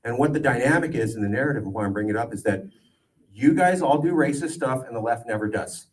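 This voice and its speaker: A man in his forties from California giving an animated, joking political speech to a crowd, with a sarcastic edge. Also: medium pitch, quick pace. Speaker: political campaigner speaking to a crowd. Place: event gathering. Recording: voice distant from the mic.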